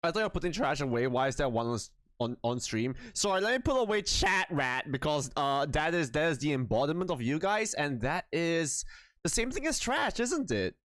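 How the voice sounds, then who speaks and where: A man's voice: on the high side, very animated, brisk, a bit bright, no room sound, studio quality. Tired, giggly young streamer guy. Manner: swears freely, giggly, self-mocking, rambling. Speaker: live streamer. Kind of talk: casual chat with viewers.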